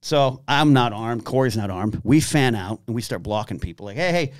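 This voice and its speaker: A man telling long stories in casual chat, acting out shouted quotes as he goes. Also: on the low side, moderate pace, no room sound, clean studio sound. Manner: animated storyteller, acts out shouted quotes. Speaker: podcast guest. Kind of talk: casual storytelling.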